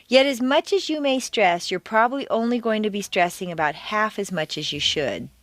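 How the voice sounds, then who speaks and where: In a dry recording free of room sound, a woman with a sing-song, mid-range voice runs through a scripted pronunciation course. She talks deliberately, overemphasizing the stressed words.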